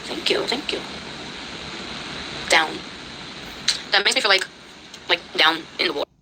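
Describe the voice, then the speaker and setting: A woman running a spirit box session, excitable and exclaiming as she reacts. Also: lowish voice, unhurried, noisy background.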